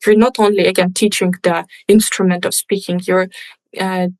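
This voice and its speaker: A woman's voice: mid-range voice, normal speed, dry recording, poor audio. A young woman, a native Russian speaker, telling stories in casual conversation as a podcast guest, with many restarts. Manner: chatty, restarts often, lively storytelling. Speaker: podcast guest, English teacher.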